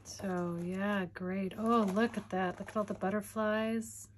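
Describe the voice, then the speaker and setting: Slow, rambling woman crafter. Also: mid-range voice, steady tone, a little hiss or hum. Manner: chatty, rambling, giggly, easily delighted. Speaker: crafting vlogger. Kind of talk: casual show-and-tell chat.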